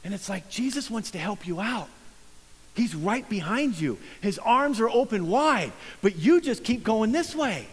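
A male pastor delivers a sermon in an earnest, conversational way, now and then sinking to a hush to drive a point home. His voice sits a little high for a man. The sound carries a long, lingering reverb from a large sanctuary. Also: animated, measured pace, slightly rough. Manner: earnest, conversational preaching with soft hushed emphasis.

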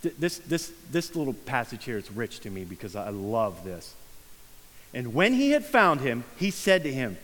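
A man's voice: mid-range voice, very animated, normal speed. Earnest male preacher in a reverberant hall. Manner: earnest, conversational preaching with soft hushed emphasis. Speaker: pastor. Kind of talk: sermon. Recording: long reverb of a large room.

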